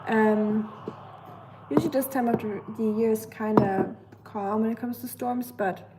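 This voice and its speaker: A woman with a German accent hosting a casual livestream at home, chatting with viewers, answering the chat and filling pauses with "um.". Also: fairly high pitch, fairly even intonation, heavy background noise. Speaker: livestream host.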